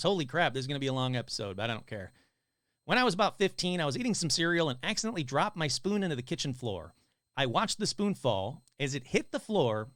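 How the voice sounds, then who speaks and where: Lively casual male podcast host. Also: a little high, dry recording, clean studio sound. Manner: casual, chatty, swears and jokes between stories. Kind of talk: reading listener stories on a live show.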